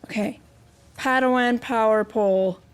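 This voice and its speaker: A young woman hosts a casual game stream and chats to her viewers in a goofy, self-mocking way. Her voice sits a little high, and she talks at an unhurried pace. She giggles often and laughs at herself. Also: clear, resonant tone. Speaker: VTuber streamer.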